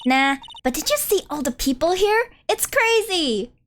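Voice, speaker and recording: A woman's voice: extremely high pitch, very animated, unhurried, slight background noise, pitched above the performer's own voice, exaggerated voice. A woman reading as a perky young sidekick. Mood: excited. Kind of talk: reading game dialogue aloud.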